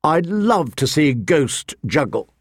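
A man's voice: a little high, very animated, slow, slightly rough, dry recording, studio quality, full character voice. A man reading an audiobook, voicing an earnest, emotional young man in eager outbursts. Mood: kind.

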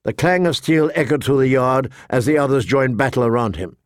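A man narrating a fantasy novel in a measured, steady storytelling voice. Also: mid-range voice, no echo, clean studio sound. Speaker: audiobook narrator.

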